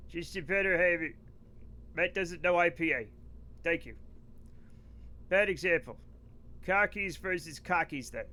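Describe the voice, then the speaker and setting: This man's voice sits high and sounds pushed and bright. He has a New England accent, being from the northeastern United States, and he chats casually and animatedly on a live game stream while joking with his viewers.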